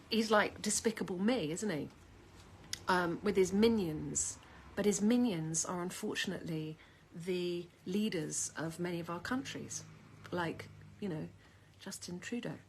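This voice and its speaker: A middle-aged woman, talking casually and at length to camera at home in a chatty, animated way. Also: fairly low pitch, slight background noise. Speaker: vlogger.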